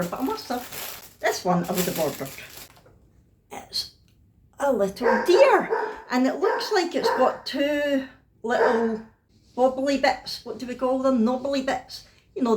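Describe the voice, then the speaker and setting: A woman's voice: fairly high pitch, slight background noise. Chatty Scottish woman in a roomy room. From Scotland. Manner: chatty and self-mocking, laughs often. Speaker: craft vlogger. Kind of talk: casual haul chat.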